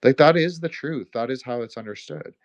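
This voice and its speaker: A man's voice: medium pitch, brisk, lo-fi sound. A man with a slight Quebecois accent hosting a live audio chat, rambling and profane, with frequent fillers. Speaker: host. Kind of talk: casual closing remarks on a live audio chat.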